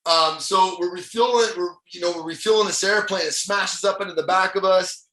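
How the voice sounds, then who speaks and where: A middle-aged man from Ohio with a fairly high, bright, forceful voice tells stories as a podcast guest. His delivery is animated and casual, often breaking into chuckles, and the recording sits in an echoey room. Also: a little fast. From Ohio, USA. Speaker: motivational speaker, podcast guest. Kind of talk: casual storytelling interview.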